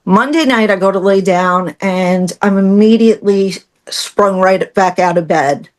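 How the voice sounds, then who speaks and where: A middle-aged woman, a podcast guest, tells a personal story in conversation, animatedly acting out what others said and laughing through the hard parts. Her voice is mid-range and her pace measured.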